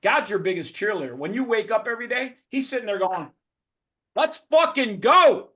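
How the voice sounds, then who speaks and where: High-voiced, profane motivational man. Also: expressive, fast, a bit bright. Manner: blunt, profane, emphatic. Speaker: guest speaker. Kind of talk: motivational talk. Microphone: video call.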